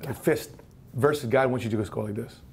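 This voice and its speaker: Fast-talking man from the Philippines hosting. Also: medium pitch, darkish tone, slight background noise. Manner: eager, storytelling, quick affirming "yeah"s. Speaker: podcast host. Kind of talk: casual interview chat.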